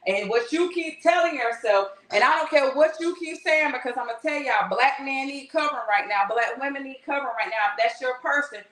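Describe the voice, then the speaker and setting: A woman's voice: sits high, a bit bright. A woman giving a fervent, slangy spiritual workshop talk, blunt and not shy about swearing. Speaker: spiritual teacher. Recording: roomy echo.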